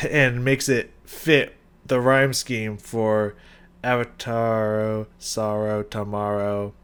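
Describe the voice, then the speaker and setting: A man hosting a music reaction, talking casually with excited, rambling enthusiasm and lots of restarts. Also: medium pitch. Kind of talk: casual reaction and song analysis.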